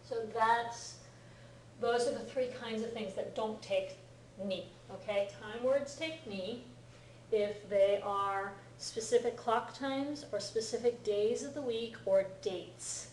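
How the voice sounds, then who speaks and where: A woman's voice: on the high side, takes it slowly, darkish tone, far from the mic, slight background noise. A middle-aged woman teaching a class, explaining patiently and often checking that students follow. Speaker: Japanese language teacher. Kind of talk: classroom lecture. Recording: echoey classroom recorded from afar.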